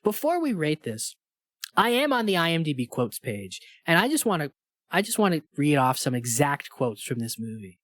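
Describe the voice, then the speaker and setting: A man's voice: fairly high pitch, big pitch swings, moderate pace, fairly bright tone, no echo, clean studio sound. A man co-hosting a podcast, chatting casually and reading movie quotes aloud with relish, laughing often. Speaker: podcast co-host.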